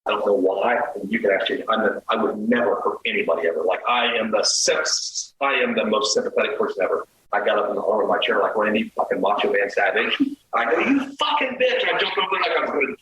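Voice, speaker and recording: A middle-aged man telling a dating story as a podcast guest, animated, swearing and acting out the quoted lines. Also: fairly low pitch, fast talker, few pauses, echoey room, lo-fi sound. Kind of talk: casual storytelling.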